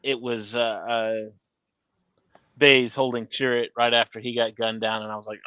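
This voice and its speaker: Bright-voiced man chatting about a show. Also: mid-range voice, little pitch movement, moderate pace, smooth, dry recording. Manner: chatty, rambling, laughs often. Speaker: podcast co-host. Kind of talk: casual fan review chat.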